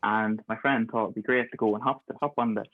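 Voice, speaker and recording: A man's voice: on the low side, steady tone, fast talker, no echo. Man telling stories over a tinny call. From Ireland. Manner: chatty, laughs through his stories. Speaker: guest, pharmacist. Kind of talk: casual storytelling. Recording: thin phone-like call audio.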